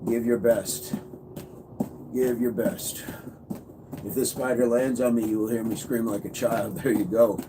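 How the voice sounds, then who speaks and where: A man's voice: mid-range voice, fairly even intonation, unhurried, long pauses. A man coaching fitness on a casual livestream, upbeat, reading and answering viewer comments. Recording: noisy background.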